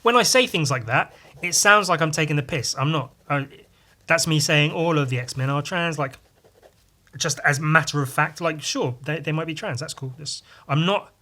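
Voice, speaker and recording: A man's voice: a little high, moderate pace, pushed and bright. A man hosting a podcast, talking in a casual, rambling monologue that is full of swearing and asides. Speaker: podcast host.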